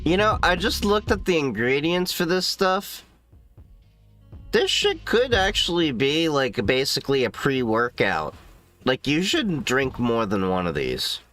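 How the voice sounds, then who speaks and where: A man's voice: medium pitch, sing-song, unhurried, fairly bright tone, soft background music. A man hosting a casual livestream, rambling and swearing freely as he reacts to viewer chat from a home setup. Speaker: livestream host.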